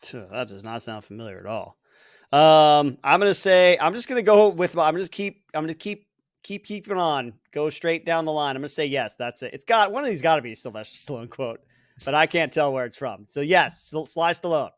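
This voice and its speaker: A man's voice: on the high side, lively intonation, a little fast, no room sound, clean studio sound. A man co-hosting a podcast, guessing quiz answers aloud in a rambling, laughing way. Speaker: podcast co-host, quiz contestant. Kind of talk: casual chat.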